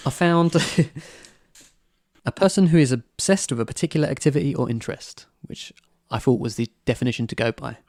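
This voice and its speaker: A man's voice: medium pitch, normal speed, darkish tone, dry recording. A man hosting a podcast, reading a playful, flowery introduction and then chatting casually. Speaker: podcast host.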